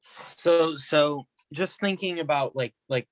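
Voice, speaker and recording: A man's voice: a little high, no room sound, low-quality recording. Man asking a hesitant question in class. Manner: hesitant, halting. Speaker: student. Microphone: video call.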